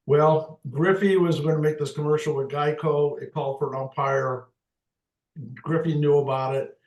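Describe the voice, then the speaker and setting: An older man, a retired umpire, telling lively baseball stories in a casual interview and laughing often. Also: fairly high pitch, normal speed, dull audio. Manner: animated anecdotes, laughs often. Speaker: retired MLB umpire, guest. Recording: echoey room.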